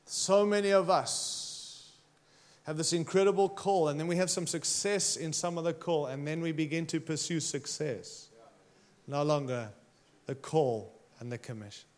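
A man's voice: on the high side, normal speed. A man preaching a sermon, emphatic and passionate, challenging his listeners directly. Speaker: pastor.

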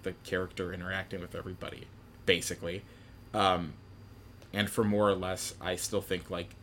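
Young male co-host, low-pitched and chatty, slight room hiss, loose filler-heavy delivery. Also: a bit bright. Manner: rambling, many "like" fillers, acts out quotes. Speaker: podcast co-host discussing a film. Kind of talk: casual chat.

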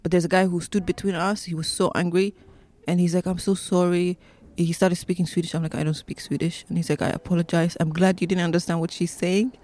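A woman's voice: on the low side, level tone, fairly quick, a little mellow. A woman telling personal stories in an interview, hesitant, with many fillers and restarts. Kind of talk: personal storytelling.

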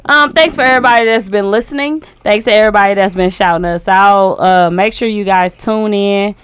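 A woman's voice: medium pitch, a little fast, a little hiss or hum. A young woman co-hosting a casual podcast, laid-back and slangy, laughing often. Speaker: podcast co-host. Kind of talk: casual group chat.

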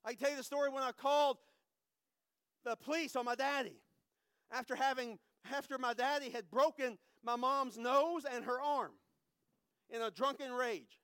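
High-voiced man preaching. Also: fairly even intonation, moderate pace, clear, resonant tone, no echo. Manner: emotional, swings from hushed to loud, repeats phrases. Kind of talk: sermon testimony.

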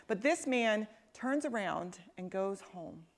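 Woman, preacher, conversational sermon, asks the room questions, goes quiet and soft for emphasis. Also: medium pitch, lively intonation, takes it slowly. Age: adult parent. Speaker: pastor.

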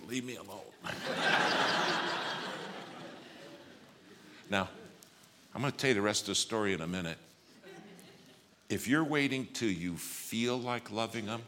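Deep preacher guy, bright forceful voice, tells a story and acts out the lines, bit of noise behind. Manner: animated storyteller, acts out quoted dialogue, swings from loud to hushed. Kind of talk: sermon storytelling.

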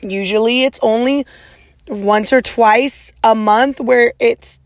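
A woman hosting a motivational podcast, loud and passionate, with a naturally raspy voice, speaking straight to her listeners. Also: a little high, slow pace, no echo. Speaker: podcast host.

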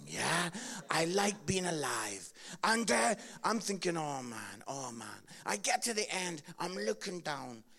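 A Scottish man gives a sermon in a gravelly, creaky voice. He swings from loud, laughing storytelling to hushed, earnest appeals to faith. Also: fairly high pitch. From Scotland. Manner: tells funny stories with loud laughing peaks, then drops to quiet earnest appeals. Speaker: preacher.

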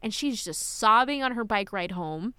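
A young woman recaps a film in easy, gushing conversation. Her voice is bright and crisp, and her pitch leaps around as she acts out lines. The sound is dry and close. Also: moderate pace, dry recording. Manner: animated, gushing, acts out quotes. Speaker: podcast co-host. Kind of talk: casual movie recap chat.

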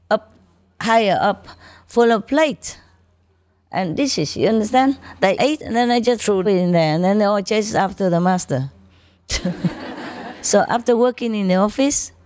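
A woman spiritual teacher with a fairly low, mellow voice tells chatty stories to her disciples, laughing often and demonstrating things with her hands. The recording has no echo.

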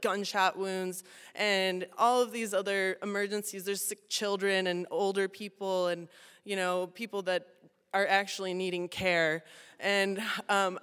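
Young woman, storyteller, chatty and self-mocking, laughs a lot, crisp voice, long reverb of a hall. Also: medium pitch, fairly bright tone. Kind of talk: personal storytelling to an audience.

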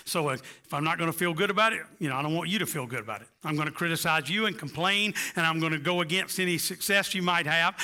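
A man's voice: on the high side, bright, forceful tone. A man preaching a sermon with impassioned delivery, rising to emphatic peaks. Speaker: pastor.

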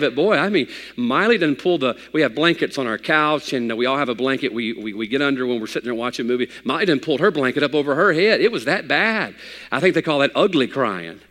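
A man's voice: medium pitch, expressive, brisk, sharp tone. A man preaching a sermon as pastor, moving between folksy storytelling and emphatic preaching. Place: church hall. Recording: long hall reverb.

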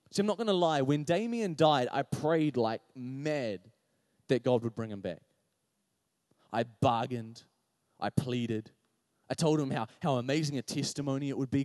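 A man's voice: medium pitch, lively intonation, moderate pace, darkish tone, no echo, clean studio sound. A man preaching a sermon, personal and confessional, rising to impassioned pleading as he speaks to the congregation directly. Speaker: pastor.

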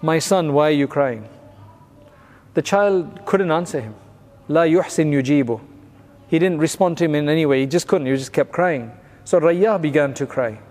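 A man's voice: on the high side, normal speed, darkish tone, in a large hall. A man giving a recorded religious class, explaining old narrations plainly and mixing in Arabic phrases. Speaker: religious teacher.

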